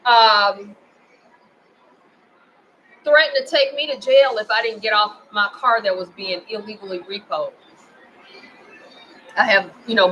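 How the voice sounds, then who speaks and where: A woman's voice: medium pitch, bright, forceful tone, lo-fi sound, a little hiss or hum. A woman with a Memphis accent delivering an angry, profane personal rant at home, indignant and heated. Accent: Memphis, Tennessee. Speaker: vlogger.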